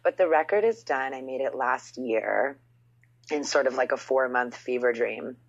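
A woman's voice: rumbling low, normal speed, slightly rough, dull audio. A woman in her thirties, a musician guest on a podcast, telling stories in casual chat with lots of "like" and quoted voices. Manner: storytelling, animated quotes, frequent "like".

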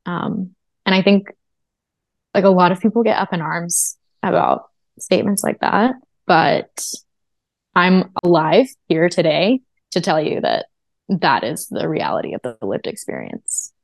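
Low, gravelly-voiced woman sharing testimony. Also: big pitch swings, measured pace, no room sound. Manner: earnest and reflective, with frequent fillers. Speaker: interview guest. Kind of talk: personal testimony in a podcast interview.

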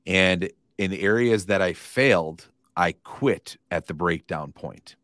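A man's voice: deep voice, slow pace, fairly bright tone, no echo, clean studio sound. A man, a real estate coach, talking earnestly in a casual podcast interview, motivational and given to repeating his phrases.

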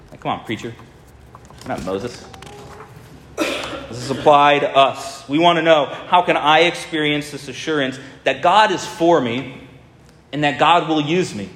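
A man preaching a sermon in a storytelling manner, speeding up and slowing right down for emphasis. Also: on the high side, a bit bright, a little hiss or hum. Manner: storytelling, shifting between fast and drawn-out. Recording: echoey hall with long reverb.

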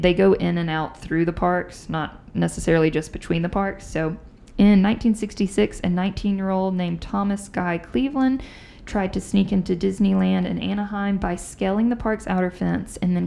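A woman's voice: lowish voice, normal speed, gravelly, few pauses. A woman hosting a podcast, telling ghost stories in a chatty, casual way. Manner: chatty, animated storyteller. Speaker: podcast host. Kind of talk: casual chat, storytelling.

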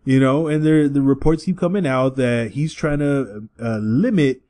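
Animated, profane male podcast co-host. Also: mid-range voice, normal speed. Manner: animated, swings into shouted bits. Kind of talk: casual profane chat.

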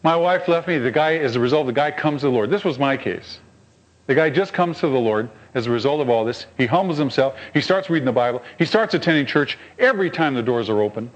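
A man preaching a sermon, telling stories and asking rhetorical questions of his congregation, swinging between high emphatic lines and low quiet asides. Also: animated, fast, highs cut off. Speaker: pastor.

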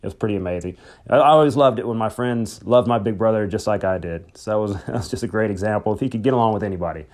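A man's voice: lowish voice, quick pace. A middle-aged man hosting a podcast, telling rambling, conversational stories about his late brother, grieving but hopeful. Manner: conversational and rambling, with restarts and soft chuckles. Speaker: podcast host. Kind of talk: personal storytelling, memorial tribute.

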